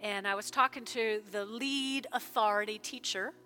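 A woman pastor preaching in a church service, fervent, with sudden loud bursts and soft prayerful stretches. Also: mid-range voice, normal speed. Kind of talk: sermon with altar call prayer.

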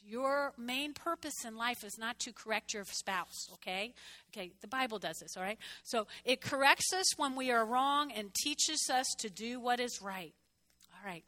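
A woman pastor in her sixties preaching a chatty, animated sermon with asides to the congregation. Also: sits high.

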